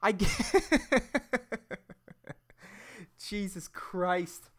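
A woman's voice: mid-range voice, very animated, very slow. A woman hosting a comedy podcast, rambling with crude slang and frequent laughter. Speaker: podcast host. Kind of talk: casual comedic monologue.

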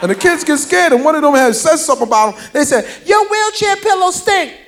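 Man, stand-up comedian, very high pitch, animated storyteller, light background noise. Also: fast talker, gravelly, some chatter behind. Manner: animated storytelling, laughing through lines.

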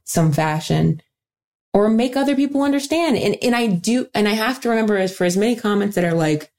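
A woman stand-up comedian talking candidly in an interview, earnest and animated, often laughing and restarting her sentences. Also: fairly low pitch, brisk.

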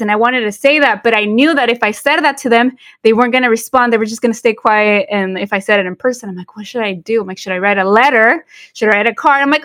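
A woman's voice: on the high side, quick pace, few pauses, fairly bright tone, dry recording, clean studio sound. A woman, co-hosting a podcast in casual chat, switching between English and Spanish with lots of fillers and restarts. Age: 40s. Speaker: podcast co-host.

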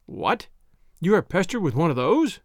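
A man's voice: high voice, sing-song, moderate pace, dry recording, studio quality. A man reading the lines of a blunt, skeptical male city surgeon in a storybook.

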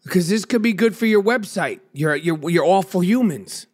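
A man's voice: sits high, expressive, moderate pace, a little mellow. A man hosting a podcast in casual banter, blunt and profane, with a sore throat. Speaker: podcast host.

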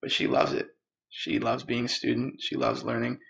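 A man telling a personal story, lively and quoting the people in it. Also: medium pitch, moderate pace, gravelly. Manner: lively, quotes people in dialogue. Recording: roomy echo with faint music.

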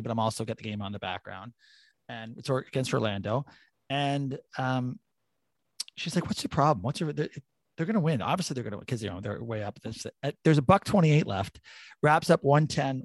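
A man's voice: mid-range voice, dry recording. A man hosting a casual sports podcast, talking animatedly with plenty of swearing and rambling stories. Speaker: podcast host.

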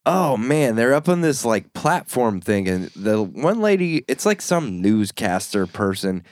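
A man co-hosting a podcast in casual chat, telling stories with lively acted-out voices. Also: mid-range voice, unhurried, dry recording, studio quality. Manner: animated storyteller, acts out others' voices. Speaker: podcast co-host.

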